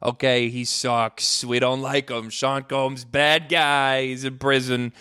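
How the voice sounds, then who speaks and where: An American man hosting a casual solo podcast, swearing freely and jumping into high-pitched exclamations. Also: flat delivery, measured pace, a bit bright, clean tone, dry recording, studio quality. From United States. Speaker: podcast host.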